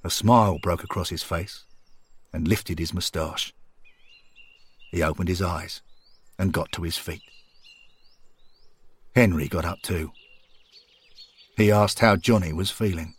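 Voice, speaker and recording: A man narrating a scripted story in a calm, measured, earnest way. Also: low-pitched, breathy edge. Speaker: podcast storyteller.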